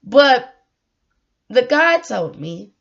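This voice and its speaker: Earnest high-voiced woman sharing her story. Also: big pitch swings, drawn-out words, gravelly, a bit bright. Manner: earnest, heartfelt, repeats herself for emphasis. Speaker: vlogger. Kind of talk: emotional personal storytelling. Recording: dull lo-fi audio.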